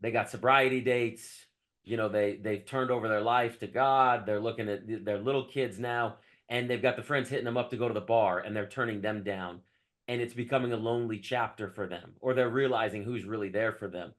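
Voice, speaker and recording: A man hosting an interview podcast, asking questions in a measured, encouraging way. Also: fairly low pitch, fairly even intonation, fairly bright tone. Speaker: podcast host. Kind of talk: conversational interview.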